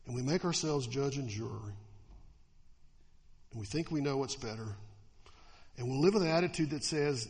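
Animated male pastor in a reverberant hall. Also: mid-range voice, normal speed, long pauses. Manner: animated, acts out quoted attitudes in mocking voices. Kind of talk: sermon.

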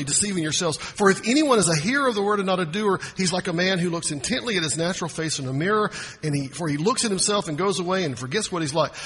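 Husky-voiced preacher in a church hall. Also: male voice, high voice, fairly bright tone. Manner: conversational preaching with folksy asides and repeated restarts. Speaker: pastor. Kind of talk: sermon.

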